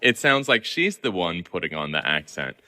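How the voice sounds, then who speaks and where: Lively, bright-voiced man guest. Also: deep voice, normal speed. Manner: laughs easily, animated. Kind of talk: casual interview chat.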